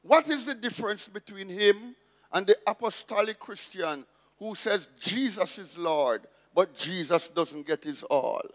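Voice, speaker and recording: A man's voice: sits high, animated, measured pace, in a large hall. A man preaching a sermon as pastor, emphatic and repeating his key phrases.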